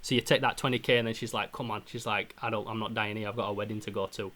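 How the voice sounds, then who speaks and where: A man's voice: fairly low pitch, fairly even intonation, quick pace, pushed and bright. A young man, retelling a game plot in casual podcast chat, swearing often and mimicking gunfire. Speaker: podcast host.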